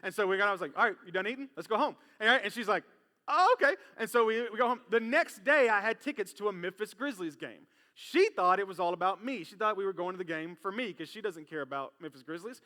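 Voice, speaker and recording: A man's voice: sits high, fast talker, few pauses. A man preaching a sermon in a church, telling a personal story and acting out the voices in it. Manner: animated, acts out voices in his story. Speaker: pastor. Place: church sanctuary. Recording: long hall reverb in church.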